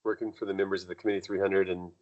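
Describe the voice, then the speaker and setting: Low-voiced man telling rambling stories. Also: little pitch movement, very fast, a little mellow, highs cut off. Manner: rambling, acts out quoted dialogue with jumps in pitch. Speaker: guest. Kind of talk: casual conversational storytelling.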